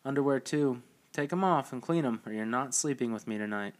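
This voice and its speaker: A male narrator voicing a sharp, teasing young woman traveler in an audiobook, with a dry delivery. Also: mid-range voice, brisk, close to an everyday voice.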